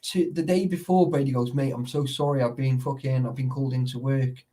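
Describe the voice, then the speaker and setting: A man's voice: mid-range voice, steady tone, brisk, warm tone, recorded from a distance. A man in casual chat, rambling and swearing, forever checking that the listener follows. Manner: sweary, rambling, keeps asking "you know what I mean".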